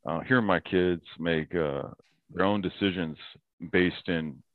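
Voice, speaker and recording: A man with a very low voice talks earnestly in a relaxed interview, quick to quote a proverb and to laugh. The sound is thin and narrow, like a phone line. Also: no room sound. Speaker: podcast guest. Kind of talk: casual interview talk.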